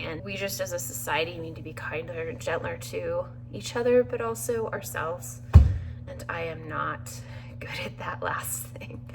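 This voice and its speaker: A woman's voice: medium pitch, noisy background. A tired woman talking in a casual video diary from her home kitchen, rambling and emotional, laughing through sadness. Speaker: vlogger recovering from surgery.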